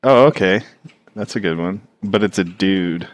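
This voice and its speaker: A man giving casual, rambling commentary while he draws, swearing freely and trailing off into fillers. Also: low voice. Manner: rambling, profane, halting with many fillers. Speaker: streamer drawing on stream.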